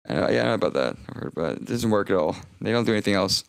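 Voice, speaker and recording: A young man streaming a rambling, profane monologue with heavy vocal fry, often stopping and restarting mid-sentence. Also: lowish voice, animated, very fast, few pauses, no room sound. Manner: rambling, profane, self-interrupting.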